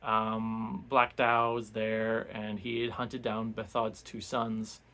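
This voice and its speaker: A man's voice: fairly low pitch, completely flat delivery, slow pace, bright, forceful tone. A man giving a casual, rambling recap of a novel for a book club, full of restarts and fillers.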